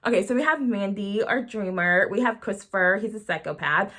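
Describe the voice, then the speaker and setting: A woman's voice: medium pitch, animated, fairly quick, fairly bright tone. A woman chatting casually as a book vlogger, bubbly and rambling, often laughing as she gushes over what she read. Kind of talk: casual book review chat.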